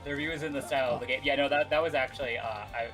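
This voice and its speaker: Chill guy reading game reviews out loud, mid-pitched voice, music pretty clear behind. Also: steady tone, rapid-fire. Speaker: co-host. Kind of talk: casual gaming chat, reading reviews aloud.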